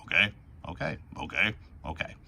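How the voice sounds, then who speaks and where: A man's voice: deep voice, very animated, moderate pace, gravelly, bright, forceful tone, husky. A man teaching a recorded phonics lesson for young children, patiently sounding out words letter by letter.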